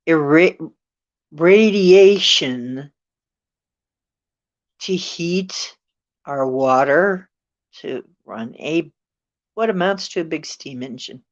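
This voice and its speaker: A woman's voice: sits low, highs cut off. A woman hosting a casual talk show, rambling with a sarcastic edge.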